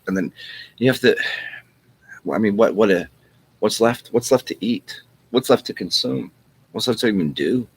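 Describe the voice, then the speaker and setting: A man with a very low, husky voice rambles through a wry monologue. He swears freely and keeps restarting his sentences. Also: animated, moderate pace, pauses often. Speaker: channel host.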